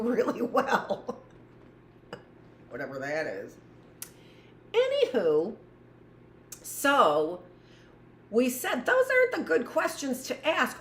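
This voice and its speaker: Loud, lively woman teacher, rambling. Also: fairly high pitch. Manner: rambling, joking asides to herself. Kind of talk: livestreamed lesson for young children. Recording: echoey room.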